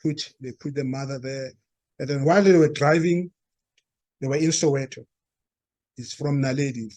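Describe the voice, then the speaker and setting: A man with a South African accent telling a story to a live audience, halting and restarting, and acting out the quoted dialogue. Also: mid-range voice, a little mellow, dry recording. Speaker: speaker at a talk. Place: meeting room.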